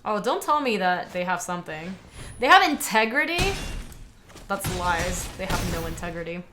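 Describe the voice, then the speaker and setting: A woman's voice: on the low side, moderate pace, a bit bright, soft background music. A young woman giving casual commentary on a card game, chatting with viewers as she plays. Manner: chatty, talks to viewers and chat while playing. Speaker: streamer playing a card game.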